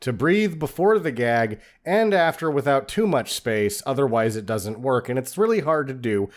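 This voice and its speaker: A man's voice: mid-range voice, lively intonation, moderate pace. Critical man talking film craft. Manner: critical, explains film craft, swears casually. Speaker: podcast co-host. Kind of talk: casual movie-review chat.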